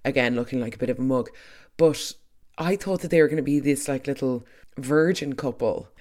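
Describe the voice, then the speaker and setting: Chatty podcast host, opinionated and full of quick asides. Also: mid-range voice, a little mellow. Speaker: soap recap podcast host. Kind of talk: casual chat.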